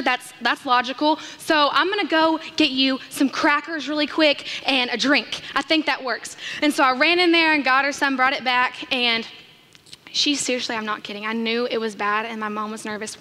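A young woman, a church missions director, telling an animated story from the stage and acting out the voices in it. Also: sits high. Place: church sanctuary. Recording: long hall reverb.

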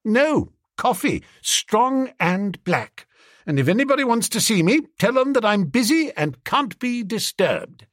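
A man voicing an impulsive young gentleman who talks in a chummy, excitable way. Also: on the high side, moderate pace, breathy edge, no room sound, studio quality, pitched above the performer's own voice, heavily acted. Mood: breezy.

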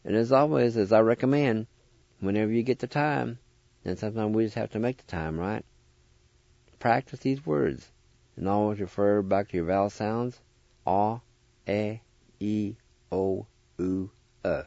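A man hosting a radio language lesson, spelling words out letter by letter and repeating each syllable slowly and deliberately. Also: fairly low pitch, creaky, a little mellow, no echo, muffled recording. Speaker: radio host teaching language vocabulary.

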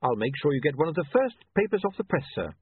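A man's voice: a little high, very animated, fast, slightly rough, dry recording, pitched above the performer's own voice, heavily acted. A man voicing a polite, earnest young male reporter who speaks in a deferential way. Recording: tinny, dry, phone-like sound.

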